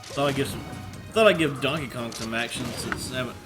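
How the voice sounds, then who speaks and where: A man doing casual let's play commentary at home, rambling and chatty, sometimes yelling at the game. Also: medium pitch, brisk. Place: apartment room at home with thin walls. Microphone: desk microphone. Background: video game music.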